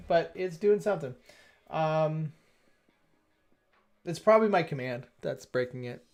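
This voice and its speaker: Lively, chatty man thinking aloud. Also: a little high. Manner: chatty, self-interrupting, quick to exclaim at results. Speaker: livestream coding host. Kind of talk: thinking aloud while coding. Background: faint background music.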